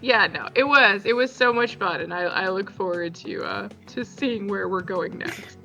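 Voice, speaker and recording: A woman who plays in the game, speaking in an unhurried way during the after-session chat. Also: medium pitch, creaky, sharp tone, lo-fi sound, faint music behind. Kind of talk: casual post-session chat.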